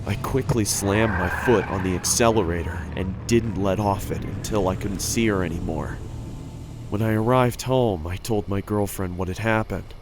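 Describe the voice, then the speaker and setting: A man narrating a first-person horror story in a steady, earnest way. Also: fairly low pitch, background noise. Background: background music.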